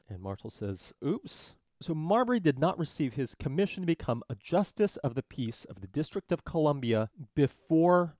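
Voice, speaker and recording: A man tutoring on a law case in a casual, jokey way, slipping into quick character voices. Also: on the high side, a little mellow, dry recording, clean studio sound. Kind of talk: casual explanatory lesson.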